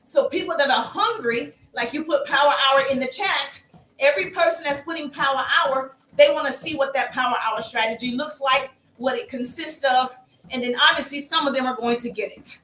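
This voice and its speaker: A woman business coach teaching on a live stream, energetic and repetitive, calling listeners "baby". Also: high-pitched, fairly quick, echoey room, a little hiss or hum.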